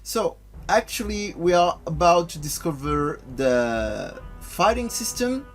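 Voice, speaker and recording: A man hosting a let's play, commentating casually in a halting way with many restarts and fillers. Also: on the high side, very animated. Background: game music.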